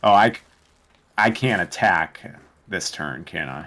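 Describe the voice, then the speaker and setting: A man's voice: sits low, animated, unhurried, sharp tone. A man playing a tabletop game, hesitant and casual, swearing freely as he decides his moves. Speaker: player.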